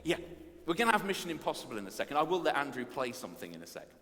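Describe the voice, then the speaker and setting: A man preaching at a playful family service, animated and self-mocking as he tells the story. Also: fairly high pitch, very fast. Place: church. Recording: long reverb of a church hall.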